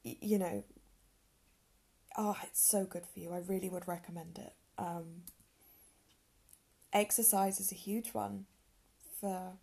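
Young woman, podcast host, casual and candid, with a husky voice. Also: on the low side, steady tone, a little slow, pauses often, mellow. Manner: earnest, chatty, self-deprecating with frequent ums and laughs. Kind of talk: casual solo podcast talk.

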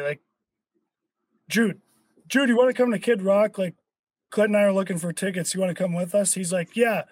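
A young man hosting a podcast, telling stories in an animated way, swearing and acting out quotes. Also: high voice, dry recording. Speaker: podcast host. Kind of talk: casual chat.

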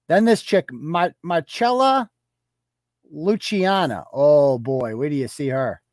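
A man's voice: fairly high pitch, slow pace, no echo, clean studio sound. A man hosting a live commentary show, talking in a sarcastic, profane, mocking way. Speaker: host.

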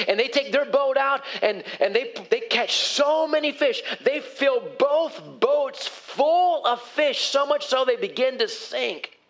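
A man's voice: extremely high pitch, expressive, slow pace, few pauses, a bit bright, a little hiss or hum. A male pastor preaching a sermon in a conversational way, putting questions to his congregation.

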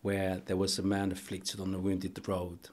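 A middle-aged man, a guest on a podcast interview, telling a personal story in an earnest, halting way with many restarts. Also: sits low, completely flat delivery. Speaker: archbishop and boxing coach, guest.

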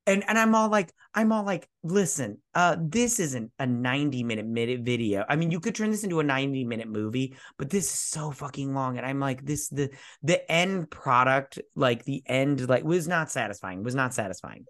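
A man's voice: mid-range voice, expressive, normal speed, few pauses, fairly bright tone. A man co-hosting a casual drunk movie-review podcast, rambling and swearing as he acts out the characters in quotes. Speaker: podcast co-host.

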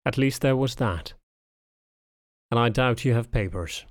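A man's voice: medium pitch, no room sound, studio quality, natural voice. A man voicing an aloof old male spaniel lord who speaks curtly and dismissively, in an audiobook reading. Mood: cold, dismissive. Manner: curt, dismissive, unhurried.

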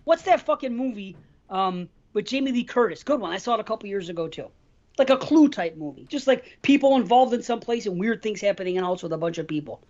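A man talks loosely and at length, cursing freely as he chats on a podcast. His voice sits on the high side. The recording sounds muffled and lo-fi. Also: expressive, fast talker, a little mellow. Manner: rambling and heavily profane. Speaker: podcast co-host. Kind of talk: casual podcast chat.

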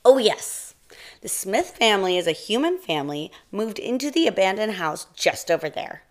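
A woman voicing a tiny, excitable female mouse with a squeaky, eager way of talking. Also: normal speed, natural voice. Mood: urgent. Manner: squeaky, breathless, pleading.

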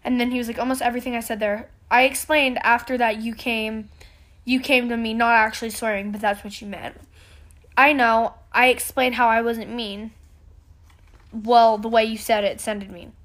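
A woman's voice: a little high, fairly even intonation, normal speed, fairly bright tone. A teenage girl chatting casually as a podcast co-host, telling a story animatedly and mimicking other people's lines. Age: teens. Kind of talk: casual chat.

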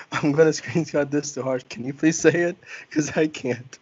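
A man's voice: a little high, normal speed, darkish tone, slightly rough, no room sound, highs cut off. A young man hosting a casual podcast, who keeps cracking up with laughter while trying to read a story aloud. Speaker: podcast host.

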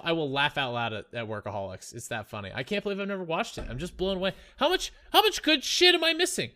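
A young man co-hosting a podcast, chatting casually and rambling excitedly with jokes. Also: on the high side. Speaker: podcast co-host. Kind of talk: casual chat.

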